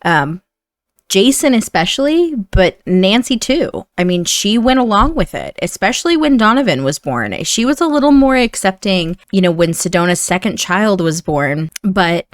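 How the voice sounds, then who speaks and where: Woman, Indiana accent, chatty game storyteller, mid pitch, dry close mic. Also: very animated, normal speed, dry recording. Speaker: game commentator. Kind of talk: narrating a life-sim game story.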